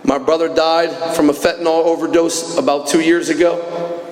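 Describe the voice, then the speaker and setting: A man's voice: fairly high pitch, level tone, moderate pace, darkish tone. Earnest man in an echoey hall. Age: 40s. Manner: earnest, emotional, rising to fervent. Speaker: recovery meeting speaker. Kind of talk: personal testimony talk. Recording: echoey hall recording from a distance.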